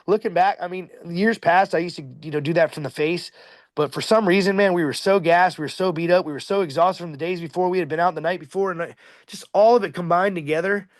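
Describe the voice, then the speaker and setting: Excited man rambling through a fishing story. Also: high voice, fast, no echo. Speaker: fishing captain telling a catch story. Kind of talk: casual storytelling.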